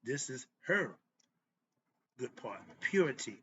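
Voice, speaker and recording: His voice is medium-pitched, sing-song, pushed and bright, moving at a moderate pace as he hosts a loose, chatty solo talk and revises himself mid-sentence. The audio is muffled and lo-fi, with a little noise.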